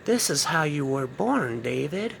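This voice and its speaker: A man voicing a gloating evil female witch who cackles and taunts slowly. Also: a little high, big pitch swings, vocal fry, fairly bright tone, slight background noise, full character voice. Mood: taunting.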